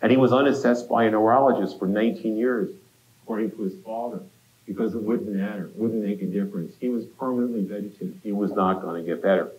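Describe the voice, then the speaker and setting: A man's voice: lowish voice, fairly even intonation, fast talker, a little mellow. A man giving a university lecture in a conversational way, speaking directly to the students with quips. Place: lecture hall. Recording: echoey lecture hall.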